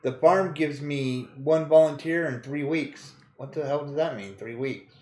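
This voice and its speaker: A man's voice: a little high, measured pace, a little mellow, roomy sound. A man casually commenting on a video game he plays, joking crudely, laughing often and reading game text aloud. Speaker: gaming streamer. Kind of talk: casual let's-play commentary.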